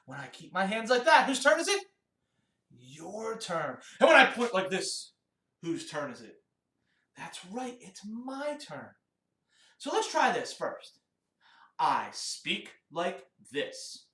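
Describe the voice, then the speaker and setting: A man's voice: high-pitched, very animated, measured pace, a bit bright, far from the mic. A man teaching a children's music lesson, upbeat and encouraging as he talks to young kids. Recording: roomy, off-mic, guitar behind.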